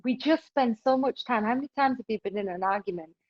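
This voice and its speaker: A woman's voice: on the high side, quick pace, dry recording, muffled recording. A woman being interviewed on a podcast, giving relationship advice in an emphatic way and often adding "right?" to her points. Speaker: podcast guest.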